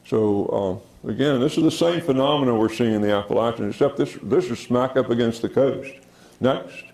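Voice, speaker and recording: Gravelly-voiced guy lecturing on rocks in a hall, low mellow tone, lots of uhs, echoey room. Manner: halting, many fillers, says "next" for each slide. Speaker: geology lecturer. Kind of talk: public lecture with slides.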